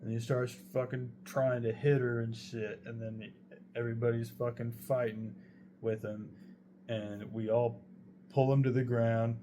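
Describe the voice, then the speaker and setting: A man's voice: medium pitch, flat delivery, a little slow, background noise. A young man casually telling a true story, rambling and swearing heavily as he goes. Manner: profane, rambling, heavy swearing.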